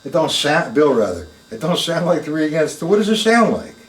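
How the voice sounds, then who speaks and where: This older drum teacher's fairly high, sing-song voice moves briskly over heavy background noise during a live lesson in a room with a drum kit. He chats casually, calls out viewers by name, and counts beats aloud, heard from a distance in an echoey space with music.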